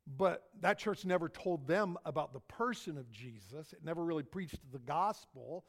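A man's voice: on the high side, animated, moderate pace, breathy edge. A middle-aged man preaching a sermon, telling a personal story in a folksy, anecdotal way and repeating his phrases. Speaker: pastor.

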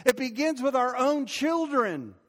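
Older preacher, high voice, reverberant hall. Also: male voice, sing-song, a little slow. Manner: conversational preaching with rising emphatic peaks. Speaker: pastor. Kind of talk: sermon.

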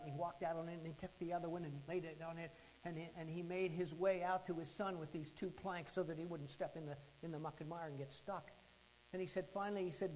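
A pastor with a high voice tells a story in a sermon, dropping to a hush and then rising loud. A faint hum runs underneath. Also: male voice, rough recording. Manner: dramatic storytelling, swings from hushed to loud.

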